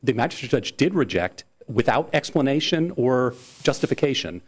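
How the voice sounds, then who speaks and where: In courtroom oral argument, a man addresses appellate judges with earnest insistence, frequently repeating words as he pushes his case. His voice is mid-range and sing-song, moving at a moderate pace.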